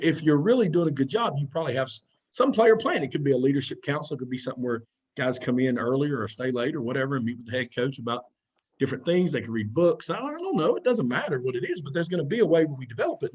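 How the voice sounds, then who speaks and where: A man's voice: mid-range voice, darkish tone, husky, highs cut off. A man talks directly and conversationally through a recorded slide presentation for football coaches. He often repeats himself as he goes.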